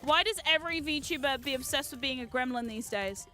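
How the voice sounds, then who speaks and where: A woman streaming a game, chatting excitedly with her viewers, swearing freely and shouting at the game. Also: high voice, fairly quick, faint music behind. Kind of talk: live-stream gameplay chat.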